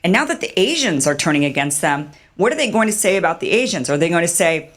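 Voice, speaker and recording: A woman giving animated, sarcastic online commentary and mocking others with put-on quotes. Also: fairly low pitch, fast talker, few pauses. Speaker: political commentator.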